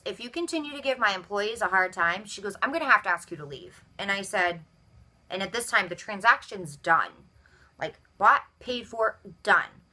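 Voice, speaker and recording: Bright-voiced woman telling an indignant story. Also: medium pitch. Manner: animated, acts out both sides of dialogue. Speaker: vlogger. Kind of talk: storytelling rant.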